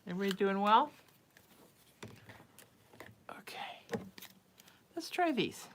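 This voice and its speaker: A woman's voice: medium pitch, big pitch swings, slow, a little hiss or hum. Chatty woman psychic hosting a home livestream. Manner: chatty and doting, often dropping to a hushed murmur. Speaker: psychic medium hosting a live reading stream. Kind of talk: casual livestream chat. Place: at home with her cat.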